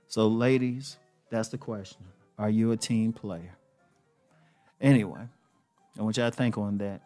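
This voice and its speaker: A man's voice: mid-range voice, a little mellow. A man hosting a casual relationship advice monologue, blunt and informal, repeating key phrases for emphasis. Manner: informal slang-heavy delivery. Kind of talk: casual direct-to-camera monologue.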